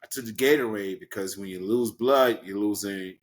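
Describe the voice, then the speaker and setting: A man from Brooklyn, a guest in an interview, telling a story casually and animatedly, acting out the people in it with big leaps in pitch. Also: normal speed. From Brooklyn, New York. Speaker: guest, professional wrestler.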